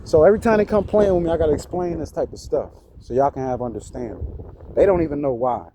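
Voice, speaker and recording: A man's voice: a little high, fast talker, mellow, slight background noise. Indignant, preachy man ranting outdoors. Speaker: vlogger. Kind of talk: ranting monologue to camera. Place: outdoors outside a church.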